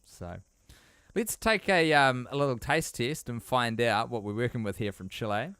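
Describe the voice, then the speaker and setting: A man's voice: medium pitch, lively intonation, normal speed, fairly bright tone, clean tone, no echo. Aussie guy cohosting a podcast, playful and mock-serious, dry close mic. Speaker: podcast co-host. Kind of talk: casual podcast banter.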